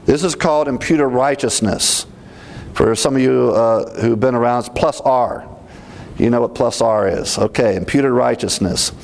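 A man teaching through Bible verses in a deliberate, emphatic way, repeating references as he goes. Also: medium pitch, gravelly, darkish tone.

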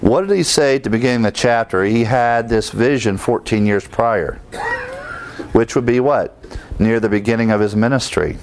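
A man's voice: mid-range voice, slight background noise. A male preacher teaching through Bible verses, explaining them and asking his listeners rhetorical questions. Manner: explains verse by verse, often pausing to restart.

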